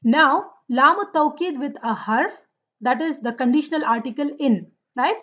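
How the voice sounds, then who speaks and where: High-pitched woman teacher, patient drilling delivery, dull lo-fi class recording. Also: bright, forceful tone. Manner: drills forms slowly, checks with "right?" and "okay?". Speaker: Arabic grammar teacher. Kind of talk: lesson on Quranic Arabic grammar.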